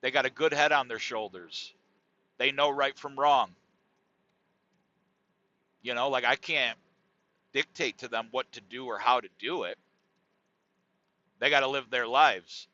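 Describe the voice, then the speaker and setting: A man's voice: medium pitch, a little slow, pauses often, bright, forceful tone, no echo. A middle-aged man hosting a podcast, talking in a rambling, laid-back and profane monologue. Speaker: podcast host. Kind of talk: casual comedic monologue. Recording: dull dry lo-fi sound.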